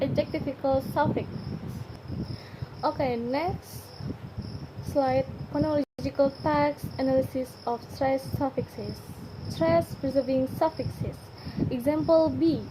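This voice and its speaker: A young woman reading a class presentation, carefully pronouncing each word twice. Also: sits high. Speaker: student presenter. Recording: noisy home recording with crickets. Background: crickets and insects.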